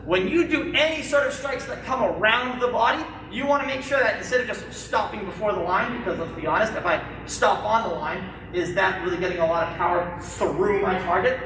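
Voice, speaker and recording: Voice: mid-range voice, fairly quick, few pauses, far from the mic, a little hiss or hum. Echoey martial arts instructor barking drills. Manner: barks sharp commands, jokes between drills. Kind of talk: teaching a live-streamed kids' class. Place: indoor martial arts studio. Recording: very echoey studio heard from afar.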